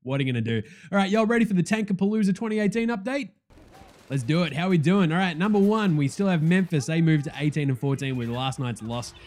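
A young man hosts a casual sports chat, talking in a slightly high voice. He is excitable and swears freely, jumping from loud, eager outbursts to low, muttered asides. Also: fast talker. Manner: excitable, profane and joking, swings loud and soft. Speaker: podcast host.

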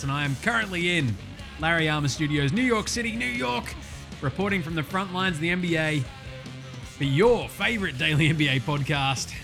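A young Australian man hosting a basketball podcast, loud and casual, swearing freely through banter and game recaps. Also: a little high. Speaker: podcast host. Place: studio.

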